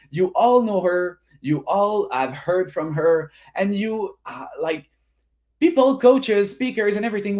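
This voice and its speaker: A French Canadian man from Quebec hosting an online business summit, energetic and repetitive, peppering his talk with "right?". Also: fairly high pitch. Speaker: summit host. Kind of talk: motivational emcee talk.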